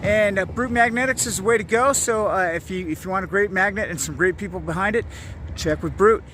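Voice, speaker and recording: A man casually narrating an outdoor vlog by a lake, upbeat and rambling, with plenty of fillers and excited exclamations. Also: high-pitched, brisk, slight background noise. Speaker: vlogger.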